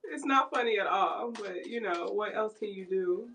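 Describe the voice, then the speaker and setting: A woman's voice: mid-range voice, normal speed, a bit bright, a little hiss or hum. A young woman from Ohio telling a story in casual chat, laughing often and putting on voices for quotes. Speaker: tarot reader.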